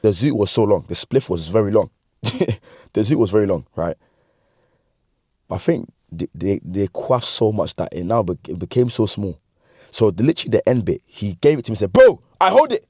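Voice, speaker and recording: A man in his twenties with a London accent, telling a funny story from his youth in slangy, animated talk that he breaks up with laughs. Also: lowish voice, moderate pace, breathy edge, no room sound, clean studio sound. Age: 20s. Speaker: vlogger. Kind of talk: comedic storytime.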